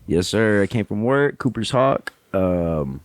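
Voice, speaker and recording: A man's voice: on the low side, measured pace, slight background noise. A man, a podcast guest, telling a casual story with lots of swearing and acted-out voices. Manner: animated, swearing freely, acts out other people. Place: Tampa area.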